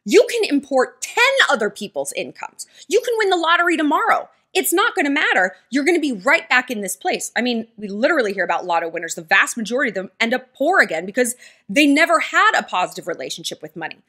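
A woman's voice: high voice, sing-song, fast, pushed and bright. A woman giving blunt relationship advice straight to her viewers in a chatty vlog, acting out the people in her stories. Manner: chatty, acts out quoted dialogue in storytelling; blunt, direct-address advice.

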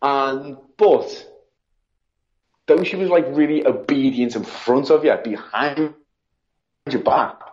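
A British man tells stories as a podcast guest, his voice sitting at an average pitch. He is lively and chatty, often acting out what people said. The recording sounds a little dull and lo-fi. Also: slow, long pauses. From United Kingdom. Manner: animated, acts out quotes, frequent "like". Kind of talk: casual storytelling.

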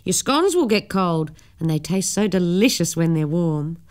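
A woman reading aloud puts on a hearty, booming storybook gentleman on a bicycle, pitched well above her usual voice. He exclaims kindly and bounces widely up and down with cheer. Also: expressive, normal speed. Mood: cheery. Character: cheery booming middle-aged man on a bicycle.

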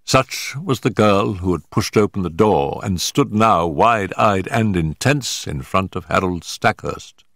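Deep-voiced older man narrating. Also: animated, fairly bright tone, dry recording, studio quality. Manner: measured, grave storytelling. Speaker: audiobook narrator. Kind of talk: scripted narration.

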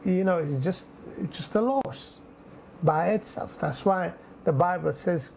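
Male preacher, fairly high voice with gravelly fry, earnest and repetitive, sermon delivery. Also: unhurried, a little mellow, a little hiss or hum, low-quality recording. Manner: earnest, repeats phrases, frequent "you know" fillers.

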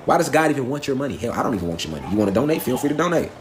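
A man's voice: medium pitch, sing-song, very fast, a little hiss or hum. A man giving a profane, preachy live stream lecture, firing off rhetorical questions. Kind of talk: impassioned live stream rant.

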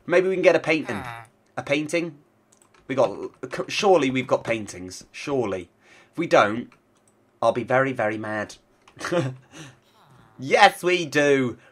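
A man's voice: a little high, sharp tone. A man with a cold, sounding a bit congested, chatting casually to himself and his viewers as he plays a block-building game. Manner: chatty, talks to himself and the animals. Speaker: gaming channel host. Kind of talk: casual Minecraft let's-play commentary.

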